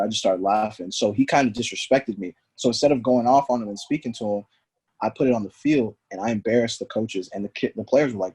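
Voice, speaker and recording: A low, dark-toned man speaks quickly, telling his story as a podcast guest. He acts out the people he quotes with energy, and his voice has a husky edge. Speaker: guest, former pro soccer player. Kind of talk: storytelling in conversation.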